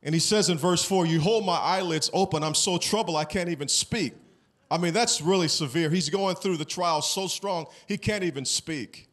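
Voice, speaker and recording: A man's voice: fairly high pitch, normal speed, a bit bright. Man preaching a conversational sermon. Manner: conversational, asks the congregation questions. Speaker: pastor.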